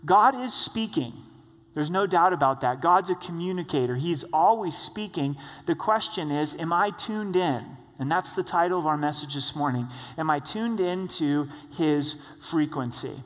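A male pastor preaching a sermon in a conversational way, slowing down to stress key points. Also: on the high side, fairly bright tone. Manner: conversational, slows for emphasis. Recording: long reverb of a church hall.

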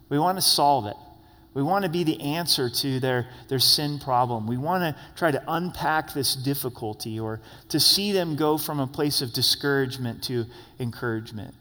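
A man's voice: a little high, fairly bright tone. A man preaching a sermon as pastor, earnest and conversational, with asides to the congregation. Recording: hall reverb.

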